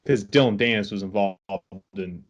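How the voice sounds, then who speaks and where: A man's voice: fairly low pitch, moderate pace. A man co-hosting a casual sports podcast, laid-back and opinionated, rambling through his points. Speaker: podcast co-host. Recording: dull lo-fi sound.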